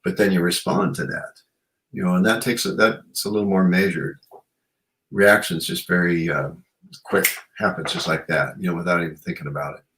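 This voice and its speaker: A man's voice: low-pitched, moderate pace, a bit bright, rough recording. A man hosting a radio show, chatting in a rambling, reflective way with many "you know"s. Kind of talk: casual chat.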